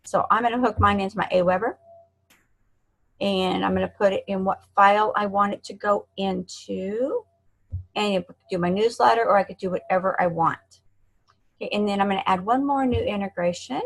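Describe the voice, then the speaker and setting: A woman giving a screen-share software tutorial in a chatty, encouraging way, talking to herself as she clicks. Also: medium pitch, rough recording. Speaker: online marketing instructor.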